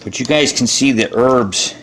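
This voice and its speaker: A man's voice: medium pitch, measured pace, recorded from a distance, noisy background. A man hosting a live home cooking show, talking in a profane, boastful, rambling way. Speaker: show host. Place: home kitchen. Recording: roomy echo, off-mic.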